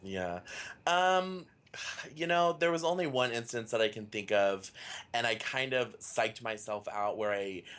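A man's voice: mid-range voice, unhurried, a bit bright. A man in his early twenties chatting casually on a podcast, easygoing, with dry quips and plenty of "like" fillers. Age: 20s. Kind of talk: casual chat.

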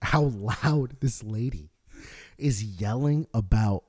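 A man's voice: on the low side, takes it slowly, breathy edge. A man co-hosting a casual podcast, telling a story with lots of swearing and acted-out voices. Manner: animated storyteller, swears a lot, acts out yelling characters. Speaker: podcast co-host. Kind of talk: casual chat.

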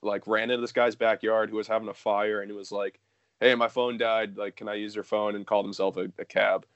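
A man's voice: on the low side, little pitch movement, brisk, fairly bright tone, no room sound, highs cut off. Rambling young man telling a wild story. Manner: rambling, swears a lot, many fillers. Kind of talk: casual storytelling.

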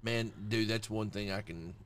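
A man's voice: lowish voice, moderate pace. A man co-hosting a podcast in loose, crude banter, swearing and calling his friend bro. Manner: animated, swearing, says bro a lot. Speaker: podcast co-host. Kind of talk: casual chat, crude banter.

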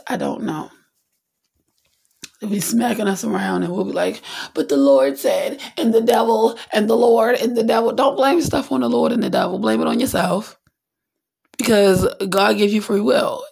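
A woman's voice: medium pitch, expressive, moderate pace, vocal fry, a little mellow, slightly rough. A woman hosting her own podcast in a candid, rambling monologue, often acting out little voices. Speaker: podcast host. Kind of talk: casual spiritual monologue.

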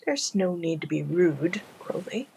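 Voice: medium pitch, animated, unhurried, creaky, darkish tone, slight background noise. A reader voicing a prim, fussy angel. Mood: prim scolding. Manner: earnest, scolding. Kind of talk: fan audiobook narration.

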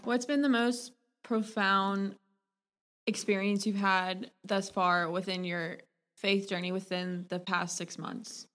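A woman's voice: medium pitch, slow pace. Casting: female podcast host, casual and chatty, loose rambling questions. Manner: relaxed, chatty, laughs easily, loses her words.

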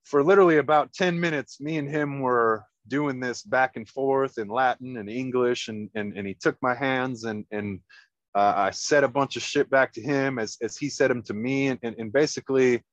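A man's voice: mid-range voice, no room sound, lo-fi sound. A man telling a personal story in a casual, profane way, stumbling over his words and becoming tearful. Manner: casual, profane, halting with repeated restarts. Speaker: guest.

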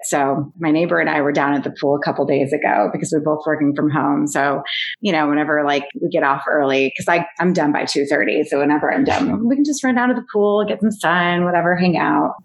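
A woman co-hosting a podcast, relaxed and chatty. She rambles through a story with lots of fillers and laughs along the way, swearing as she goes. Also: sits low, vocal fry, rough recording. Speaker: podcast co-host. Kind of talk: casual storytelling.

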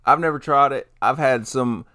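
A man's voice: mid-range voice, moderate pace, sharp tone, no echo, clean studio sound. A man co-hosting a casual podcast, laid-back and swearing casually, often trailing off and restarting. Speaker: podcast co-host.

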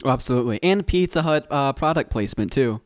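A man's voice: medium pitch, animated, fast, dry recording, studio quality. A young man casually chatting about a movie, enthusiastic and joking, mimicking the characters' lines. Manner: enthusiastic, joking, with mock quotes. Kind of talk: casual movie recap chat.

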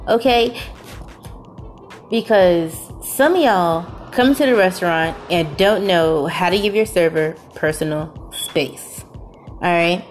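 A woman hosting a podcast, delivering an emphatic, exasperated, profane comedic rant full of repeated rhetorical questions. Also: medium pitch. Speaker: podcast host.

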